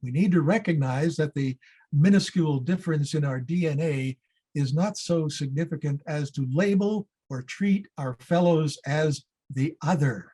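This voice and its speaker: A man, a former citizenship judge, giving a measured, earnest prepared speech at an awards event. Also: on the high side, mellow, breathy edge. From Canada. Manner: measured, earnest civic address.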